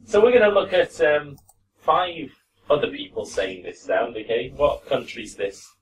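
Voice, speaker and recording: Lively male teacher, heard from afar. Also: mid-range voice, a little slow, a little hiss or hum. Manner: relaxed, encouraging, demonstrates sounds. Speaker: pronunciation teacher. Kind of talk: classroom lesson. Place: classroom with students. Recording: distant mic in a classroom.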